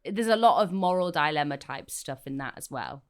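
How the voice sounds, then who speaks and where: A woman's voice: deep voice, lively intonation, moderate pace. A woman co-hosting a film podcast, chatting casually in a playful, opinionated way. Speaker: podcast co-host. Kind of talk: casual film-review chat.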